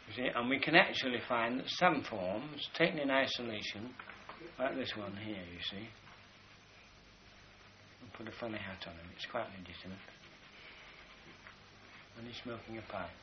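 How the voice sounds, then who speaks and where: A man's voice: fairly low pitch, moderate pace, long pauses. A man delivering a discursive philosophical lecture, stopping to point at sketches as he goes. The recording sounds dull and lo-fi, with a faint hiss running underneath. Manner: discursive, pointing at drawings while explaining.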